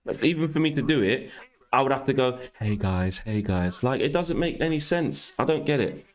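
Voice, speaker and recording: A man's voice: a little high, brisk. A young man hosting a casual livestream, reading viewer comments aloud and bantering with mock exasperation. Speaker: livestream host.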